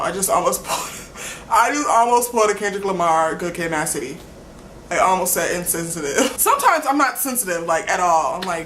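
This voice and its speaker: A woman's voice: on the low side, fairly bright tone, slight background noise. A young woman rambling casually in a vlog, filling nearly every phrase with "like" and laughing between sentences. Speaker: vlogger.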